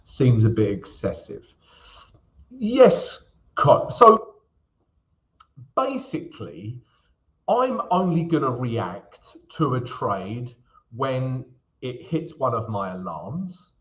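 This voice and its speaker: A man from England hosts a live forex trading stream, talking through charts in a chatty, joking way and greeting viewers by name. His mid-range, slightly bright voice swings widely in pitch, moving slowly with frequent pauses, on a lo-fi recording.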